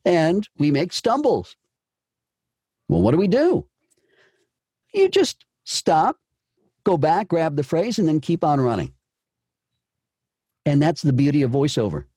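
A man's voice: a little high, sing-song, unhurried, long pauses, mellow, husky, dry recording, studio quality. A man coaching voice actors, talking emphatically and often repeating and restarting his phrases. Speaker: voice acting coach. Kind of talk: coaching session.

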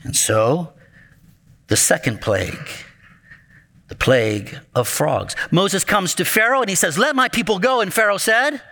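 A man preaching as a pastor, telling a Bible story with lively acted-out lines and speaking directly to the children in the congregation. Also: high-pitched, unhurried, vocal fry. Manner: animated, acts out the story voices, talks to the children. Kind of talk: sermon storytelling.

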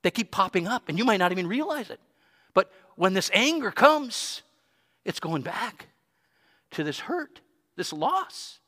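A man's voice: fairly high pitch, bright, forceful tone, big-room sound. A man preaching a sermon as pastor, earnest and teaching, reading scripture aloud in church.

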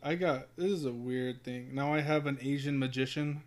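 A man's voice: medium pitch, steady tone, moderate pace. A man in casual chat as a podcast co-host, swearing freely, laughing often and telling anecdotes.

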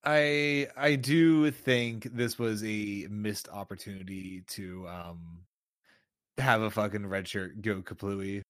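A man's voice: lowish voice, fairly even intonation, slow pace, a bit bright, no echo, studio quality. A man co-hosting a podcast, giving emphatic opinions and swearing for emphasis. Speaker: podcast co-host. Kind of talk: casual chat.

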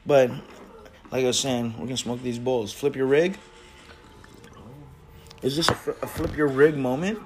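A man hosting a casual reaction chat from a garage, loud and profane, breaking into shouts and laughter. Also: mid-range voice, steady tone, moderate pace, pauses often, slight background noise. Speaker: host of a smoking stream show.

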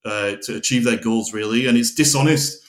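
A man's voice: medium pitch, a little fast. Plain-spoken man hosting a podcast. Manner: blunt, reflective, occasional swearing. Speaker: podcast host, coach. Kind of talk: casual podcast conversation.

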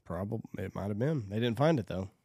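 A man's voice: fairly low pitch, lively intonation, fast, darkish tone, no echo, clean studio sound. A man co-hosting a podcast, telling loose, rambling stories in casual chat. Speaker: podcast co-host.

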